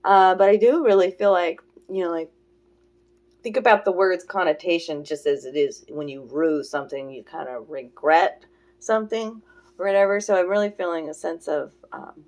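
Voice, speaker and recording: A woman giving a spiritual oracle card reading. She talks in an earnest, rambling way, often checking in with "you know" and "okay?", and slows down on her affirmations. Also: lowish voice, a little mellow.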